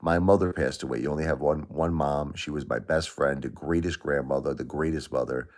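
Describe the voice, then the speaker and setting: A man's voice: very deep voice, steady tone, fairly quick, darkish tone. A middle-aged man hosting a livestream, talking emotionally to viewers and repeating himself as he grieves. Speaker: livestream host.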